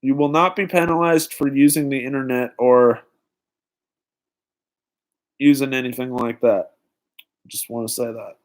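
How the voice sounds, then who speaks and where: A young man hosting a live-stream trivia night, excitedly greeting viewers in the chat by name. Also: mid-range voice, a little slow, long pauses. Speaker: livestream host.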